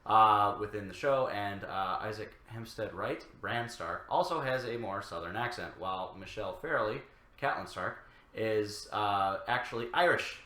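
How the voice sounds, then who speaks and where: A man co-hosting a reaction show, reading viewer comments aloud with halting fillers. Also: lowish voice, sharp tone, echoey room.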